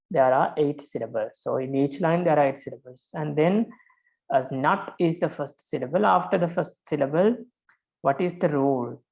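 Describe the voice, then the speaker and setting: Patient monk teaching with a gravelly voice. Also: male voice, on the high side, a little mellow, poor audio. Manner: patient, counts syllables aloud, frequent fillers and repeats. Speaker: Pali teacher. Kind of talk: online lesson on verse meter.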